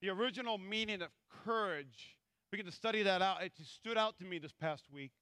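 A male pastor delivers an animated sermon and slips into the voices of the people in the stories he reads. His voice sits high and sounds bright and forceful. The recording is close and dry. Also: fairly quick, clean tone, no echo. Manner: animated, acts out scripture voices.

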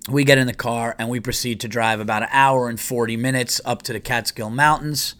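A man's voice: medium pitch, steady tone, brisk, a bit bright. A man hosting a podcast, telling a story in a casual, rambling and profane way. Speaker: podcast host.

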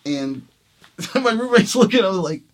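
A man's voice: high-pitched, measured pace. A man, a jazz trumpet player, telling a story in casual conversation, acting out the dialogue and laughing often. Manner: animated, acts out quoted dialogue, laughs often. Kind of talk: casual anecdote in an interview.

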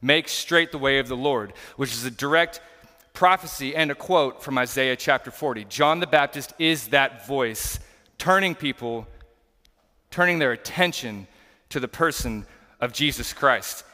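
A pastor preaching in a church, his tense, bright voice ringing out with a long reverb behind it. He is a man who explains scripture in an earnest, plain, conversational way. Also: medium pitch, measured pace. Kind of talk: conversational sermon. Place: church sanctuary.

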